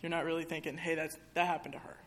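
A young woman with a deep voice and little pitch movement talks very fast. Addressing an audience in a chapel, she shares a personal testimony candidly and conversationally, with many fillers.

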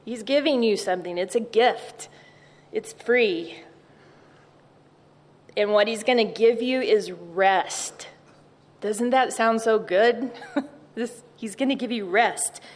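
Slow, gentle woman in an echoey hall. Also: a little high. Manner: gentle, reflective, repeats key words. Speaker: chapel speaker. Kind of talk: devotional chapel talk.

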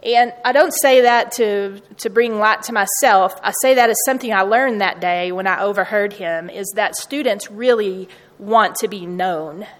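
A woman's voice: mid-range voice, normal speed, few pauses. A woman speaking earnestly to students, telling personal stories from her university work. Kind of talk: storytelling talk to students. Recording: long hall reverb.

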